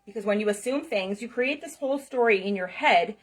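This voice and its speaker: Fairly quick and medium in pitch, a middle-aged woman's voice carries a passionate, repetitive motivational talk to camera. As a spiritual self-help speaker, she is emphatic and checks in with "okay?" and "right?".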